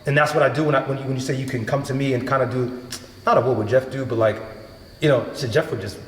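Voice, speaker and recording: A man hosting a podcast, telling stories in a casual, animated way, acting out quotes and swearing freely. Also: mid-range voice, quick pace. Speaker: podcast host. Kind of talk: casual chat. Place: home gym. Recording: echoey room with long reverb.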